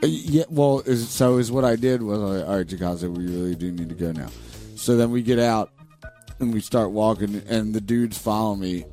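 Man, mellow warm voice, casual talk show, profane storytelling, acts out quotes, faint music behind. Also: lowish voice, moderate pace.

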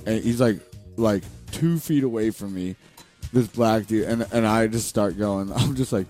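A man's voice: on the low side, normal speed, soft background music. A man hosting a casual talk show, telling a long, profane anecdote and acting out the quoted lines. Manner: animated, profane, acts out quoted exchanges. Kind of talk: casual storytelling chat.

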